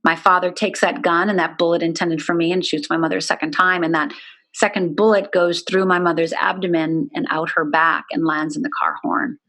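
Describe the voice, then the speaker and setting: A woman's voice: fairly low pitch, fairly even intonation, fairly quick, a bit bright. Candid woman telling her story. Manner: earnest, candid, fillers like "you know". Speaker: guest. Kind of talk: personal storytelling in an interview.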